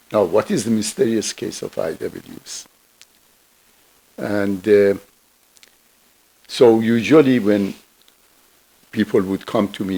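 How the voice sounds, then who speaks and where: A man lecturing who slips into a gentle parable, unhurried and clearly laid out. His voice is gravelly with some fry and husky at the edges, and he takes it very slowly. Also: lowish voice, poor audio. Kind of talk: storytelling talk.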